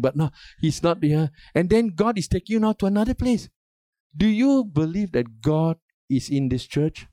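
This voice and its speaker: A man's voice: on the high side, dark tone, no echo, studio quality. An older man preaching a sermon as a pastor, emphatic and asking the congregation questions for response.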